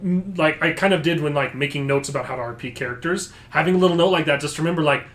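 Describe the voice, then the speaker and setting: A man's voice: on the high side, a bit bright. A man who ran the tabletop campaign, chatting casually and laughing often. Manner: laughs often, quick asides. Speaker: game master. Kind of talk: casual podcast chat about a tabletop campaign.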